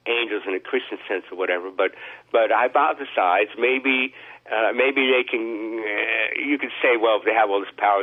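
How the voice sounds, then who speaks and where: A man telling a long rambling story in a casual chat, halting with many restarts and fillers. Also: medium pitch. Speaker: podcast host. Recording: tinny phone line.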